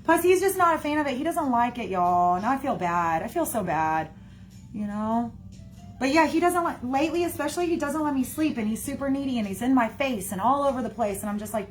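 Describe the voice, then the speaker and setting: A woman's voice: high voice, lively intonation, a little fast, faint music behind. A woman chatting casually to her viewers in a rambling way, full of fillers and "y'all". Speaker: livestreamer talking to viewers. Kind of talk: casual chat.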